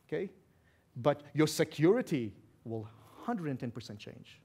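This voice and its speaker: A pastor preaching a sermon with a non-native accent, loud and passionate, swinging from shouts to hushed asides. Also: male voice, a little high, sing-song, normal speed, husky. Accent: non-native English accent.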